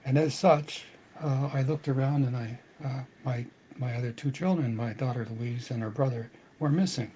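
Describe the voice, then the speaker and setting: An older man telling a personal family story earnestly, with halting restarts. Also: mid-range voice, warm tone, a little hiss or hum, low-quality recording. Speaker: podcast host.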